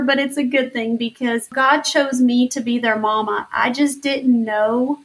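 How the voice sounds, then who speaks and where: A woman in her thirties tells her story of faith in an interview, with an earnest and heartfelt delivery that turns emotional at times. Her voice sits a little higher than most women's. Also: fairly even intonation, a little slow, few pauses. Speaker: interview guest. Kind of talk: personal testimony interview.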